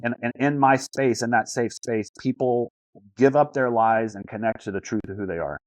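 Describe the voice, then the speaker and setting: A man coaching over a video call in an earnest, searching way, often stumbling and repeating words before landing a thought. His voice sits mid-pitched and sounds dry and close, with no room around it. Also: normal speed, dry recording, low-quality recording. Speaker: life coach.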